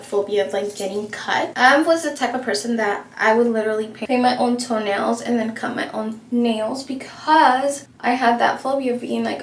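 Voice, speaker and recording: A young woman vlogging while she does her makeup, telling a story in a chatty, animated way full of fillers. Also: a little high. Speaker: beauty vlogger. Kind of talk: casual get-ready-with-me storytelling. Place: home room while doing makeup. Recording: echoey room with faint ambient noise.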